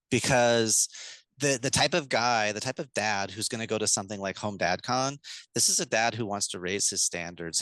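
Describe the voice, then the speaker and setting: Animated man explaining with energy. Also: on the low side, no room sound, poor audio. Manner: animated, fast-talking, acts out what a parent would say to a child. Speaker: guest speaker on parenting communication. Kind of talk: enthusiastic podcast interview.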